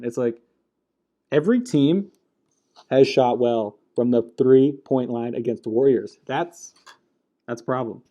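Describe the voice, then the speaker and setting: A man of middle pitch vents about his team in a casual spoken rant. He is blunt and annoyed, swears freely, and keeps restarting his sentences as the thoughts tumble out. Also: unhurried, pauses often, dark tone, muffled recording. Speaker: basketball commentator.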